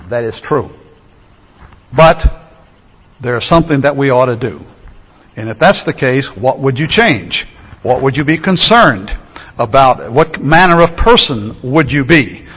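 A man preaching a sermon, emphatic, stretching key phrases slowly. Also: mid-range voice, fairly bright tone, slightly rough. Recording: echoey hall, dull lo-fi sound.

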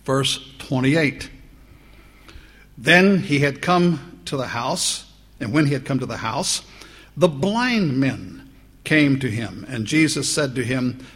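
Man, preacher, sermon, unhurried delivery, slightly husky tone, punches up the quotes. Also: medium pitch, lively intonation, fairly bright tone. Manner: slow, deliberate Bible teaching with rising emphasis on quotes.

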